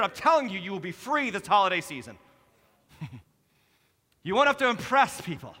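Male pastor, animated sermon voice, high and bright, joking with sudden shouts, long church reverb. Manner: animated, jokey preaching with sudden shouts and drops to soft tones. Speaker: lead pastor. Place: church sanctuary. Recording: preached in a hall with long reverb.

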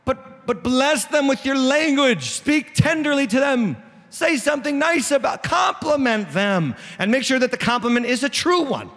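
A man's voice: extremely high pitch, lively intonation, normal speed, fairly bright tone. A man pastor with a New England accent preaching a sermon, direct and joking with the congregation. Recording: echoey hall.

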